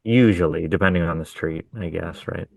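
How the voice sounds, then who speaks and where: A man's voice: low voice, moderate pace, creaky, darkish tone, no echo. A man co-hosting a podcast, telling stories about his contracting work in a laid-back, profane way. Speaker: podcast co-host, hardscape contractor. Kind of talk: casual chat.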